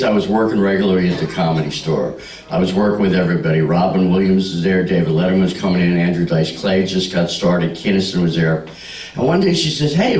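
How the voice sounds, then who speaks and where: Telling jokes and stories at a party, a comedian in his sixties trades remarks with the live audience and drives toward punchlines. His voice is low-pitched and darkish, heard from a distance in a roomy recording.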